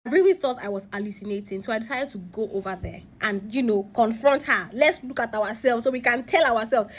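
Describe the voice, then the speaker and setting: A woman narrating a story-time letter with a fairly high voice. She is animated, dropping to hushed asides and then jumping up loud at the big moments. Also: brisk, hardly any pauses.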